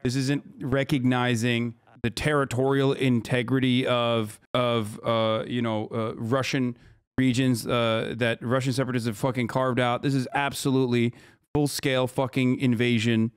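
Guy streaming live, cussing a lot, disbelieving, smooth full voice, dry close sound. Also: medium pitch, little pitch movement, no room sound. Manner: profane, incredulous, rapid-fire reactions. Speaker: streamer reacting to live news.

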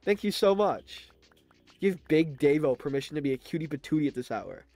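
A man streaming a video game live, talking to his chat in a chatty, excitable way. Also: on the high side, a little fast, faint music behind. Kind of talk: live gaming stream commentary.

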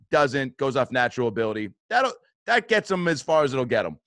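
Hosting a podcast, a man spins a laid-back story full of profanity, imitating people's quotes and laughing a lot. His medium-pitched voice is expressive and a bit bright, the pace fairly quick, and the recording dry.

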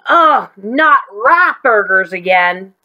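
A woman's voice: a little high, lively intonation, normal speed, a bit bright, pitched above the performer's own voice. A woman voicing a male weasel who grumbles about supper and gives in meekly, in a storybook reading. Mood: whiny. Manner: whiny then meek. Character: grumbling male weasel, meek under scolding.

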